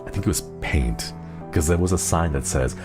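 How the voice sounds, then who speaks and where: Male streamer, very low voice, unhurried, tender and giggly, music under him. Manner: tender, giggly, easily moved. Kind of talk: casual live-stream chat. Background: soft background music.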